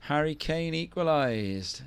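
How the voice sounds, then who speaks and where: A man's voice: a little high, expressive, slow pace, a little hiss or hum. Chatty male surf commentator. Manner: chatty, teasing banter between play-by-play calls. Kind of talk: live sports commentary.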